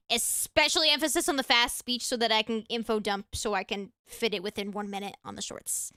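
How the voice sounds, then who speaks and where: A woman's voice: on the high side, steady tone, brisk, hardly any pauses, sharp tone, clean tone, no room sound, clean studio sound. A young woman hosting a casual livestream, chatting in a rambling way that often trails off. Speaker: streamer host. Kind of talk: casual livestream chat and reaction.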